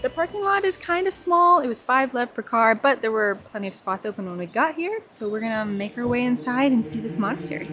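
A woman's voice: fairly high pitch, lively intonation, a little fast, few pauses, music in the background. An American woman, a young adult, talking through a travel vlog in a chatty, candid storytelling way. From United States. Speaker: travel vlogger. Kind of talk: casual vlog narration.

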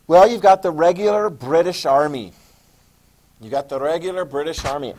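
The man's mid-range voice is a little mellow as he gives his class a history lecture. His style is loose and chatty, and he frequently stops to check that his students follow before resuming.

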